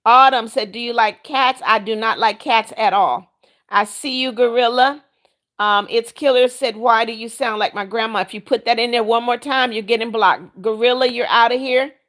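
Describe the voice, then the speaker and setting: Reading live chat comments on her stream at a moderate pace, a middle-aged woman with a slightly high voice greets viewers by name with warm, religious welcomes. When someone breaks the rules, she turns firm and scolds them.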